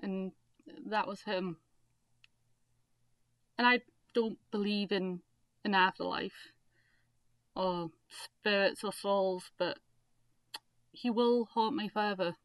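Slow, tender-voiced woman. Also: mid-range voice, fairly even intonation, dry recording. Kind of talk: spoken tribute.

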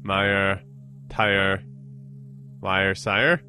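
A man's voice: low voice, little pitch movement, very slow, sharp tone, soft background music. A man co-hosting a silly comedy podcast, goofing around and drawling out absurd phrases. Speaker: podcast co-host.

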